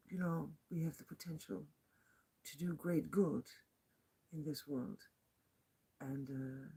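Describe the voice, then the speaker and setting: A woman's voice: deep voice, a little mellow, husky. A woman recording a casual video diary as a walking pilgrim, talking in a rambling, heartfelt way with many fillers and restarts.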